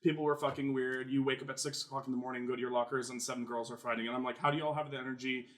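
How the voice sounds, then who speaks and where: A young man in his twenties, co-hosting a podcast, telling a story in casual chat, animated and swearing freely, acting out other people's lines in a high mocking voice. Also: very fast. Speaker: podcast co-host.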